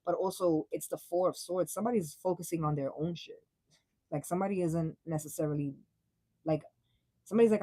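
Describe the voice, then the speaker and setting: A young woman giving a casual live tarot reading, blunt and profane, full of slang and quick laughs. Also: fairly low pitch, mellow, dry recording, rough recording. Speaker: tarot reader.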